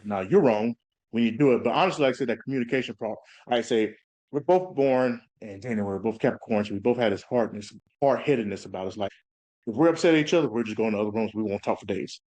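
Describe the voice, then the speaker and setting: A man's voice: fairly low pitch, quick pace. A man in his thirties, a police officer as interview guest, telling candid stories and acting out quotes. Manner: animated storytelling, acts out quotes. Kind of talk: casual interview talk.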